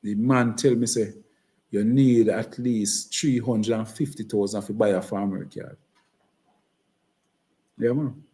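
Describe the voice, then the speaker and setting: A man's voice: on the low side, fairly even intonation, slow, long pauses, mellow. A man with a Jamaican accent giving an impassioned campaign speech, repeating himself and slipping into patois. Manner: impassioned, repetitive, switches into patois. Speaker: political speaker.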